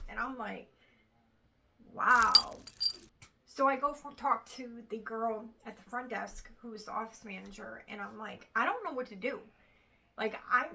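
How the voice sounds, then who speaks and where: A woman in her thirties recounts a bad experience straight to camera. Her voice sits a little high, with a gravelly fry running through it and a bright, sharp edge. She talks casually and with frustration, quoting the others as she goes. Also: rough recording. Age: 30s. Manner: frustrated, retelling with quoted dialogue. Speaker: vlogger. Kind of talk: casual storytime vlog.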